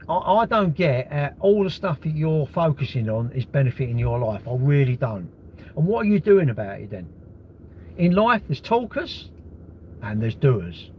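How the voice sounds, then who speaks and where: A man's voice: fairly high pitch, a little hiss or hum. Sweary man ranting on a livestream. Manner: blunt, sweary, rhetorical questions. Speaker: livestream host. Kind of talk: casual livestream rant. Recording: dull lo-fi stream audio.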